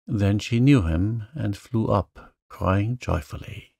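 A man reads a classic novel as a bedtime story, calm and even. His low voice has a gravelly edge and moves very slowly. The sound is close and dry. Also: dry recording. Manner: slow, soothing, even. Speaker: narrator.

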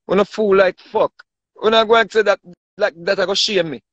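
A man's voice: sits high, steady tone, brisk, a bit bright, no room sound. A man with a Jamaican accent ranting casually, boastful and repetitive, often asking if you understand him. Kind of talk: casual rant to camera. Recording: dull dry lo-fi sound.

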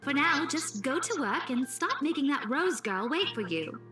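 A woman with a British accent voicing a caring, stubborn young teacher in a game, gentle and reassuring. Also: high-pitched, very animated, normal speed. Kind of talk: game dialogue. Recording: roomy game audio over music.

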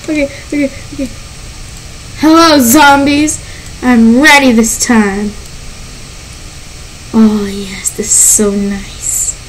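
Woman, very high voice, unhurried delivery, panicky gameplay commentary, squeals and laughs. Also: fairly even intonation, a little hiss or hum, poor audio. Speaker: gaming channel host.

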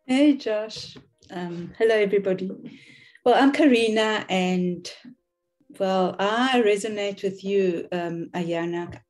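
A woman with a South African accent sharing gentle reflections on a group video call. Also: medium pitch, slow, soft background music. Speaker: participant on a call.

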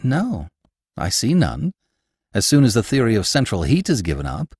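A man doing an eager, excitable young nephew. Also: lowish voice, moderate pace, slightly rough, no echo, studio quality, exaggerated voice. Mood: excited. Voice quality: rising excited questions.

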